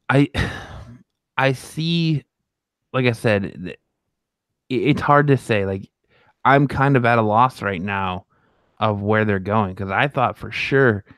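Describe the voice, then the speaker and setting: A man's voice: lowish voice, clean tone, dry recording, clean studio sound. A man co-hosting a fan podcast, talking casually and rambling with many restarts and fillers. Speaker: podcast co-host.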